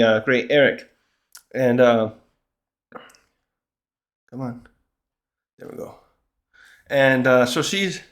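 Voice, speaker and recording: A man of middle pitch talks casually on his own about a comic chapter. He rambles and cuts himself off mid-sentence, then slips into quick acted bits of the characters' lines. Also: a bit bright. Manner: rambling, self-interrupting, acts out characters' lines. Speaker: manga review host. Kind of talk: casual solo chapter review.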